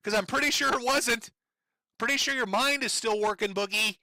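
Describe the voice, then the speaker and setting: A man's voice: extremely high pitch, moderate pace, sharp tone, no echo. A middle-aged man giving angry, profane commentary on a livestream, mocking and sarcastic, sore from broken ribs. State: in pain from broken ribs, on medication.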